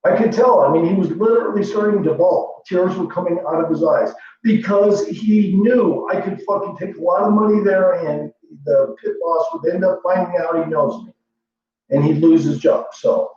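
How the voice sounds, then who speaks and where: Boastful man, profane rambling, fairly high voice, very echoey room, mic far off, dull lo-fi sound with faint hum. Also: moderate pace, warm tone. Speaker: livestream host. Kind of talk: rambling casual monologue.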